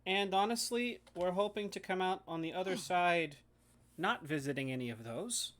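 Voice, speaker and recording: A man's voice: high-pitched, lively intonation, moderate pace, fairly bright tone. A man playing a tabletop game, speaking in an easygoing, polite way. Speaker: player. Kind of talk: casual tabletop game chat.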